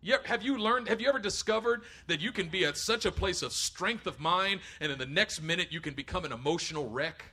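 A man's voice: high voice, fairly quick, hardly any pauses, sharp tone, husky. A middle-aged man preaching a sermon, acting out voices as he tells stories from his own life. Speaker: pastor.

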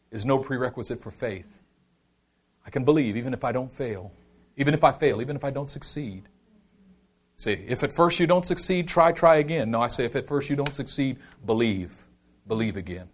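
A man preaching a sermon with passion, leading his congregation in repeated call-and-response lines. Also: medium pitch. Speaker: pastor.

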